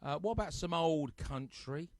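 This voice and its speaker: A man's voice: a little high, lively intonation, normal speed, darkish tone, no echo. Chatty man hosting a live stream. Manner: chatty, teasing, reads out viewer comments. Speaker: host of a live-streamed music show. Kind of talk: casual chat to live viewers. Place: at home on a sofa.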